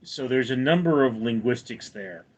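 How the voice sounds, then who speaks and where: On a casual livestream, a middle-aged host with a General American accent from the United States works through chat comments at a measured pace. His medium-pitched voice has lively intonation, captured with lo-fi sound.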